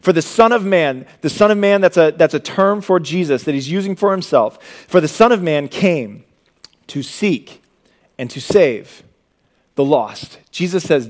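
A young adult man preaching a sermon, swinging from loud, emphatic lines to hushed, low passages. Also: lively intonation, unhurried. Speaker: pastor.

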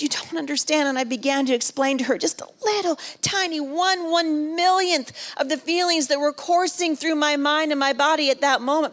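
A middle-aged woman giving a sermon at a women's retreat, telling a personal story. She moves between hushed and loud, repeats phrases for emphasis and jokes with the audience. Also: a little high. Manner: emotional, builds from hushed to loud and back. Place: large room at a women's retreat.

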